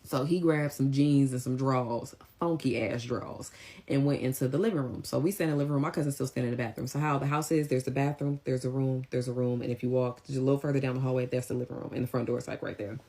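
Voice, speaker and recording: A woman telling a personal story in a casual, animated, slangy way. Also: very deep voice, fast talker. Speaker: vlogger.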